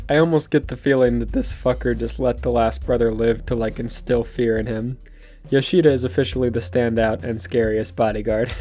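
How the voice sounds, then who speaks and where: A man's voice: medium pitch, fairly even intonation, normal speed, mellow, soft background music. Chatty man retelling a comic. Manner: chatty, laughing, swears freely. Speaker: manga reviewer.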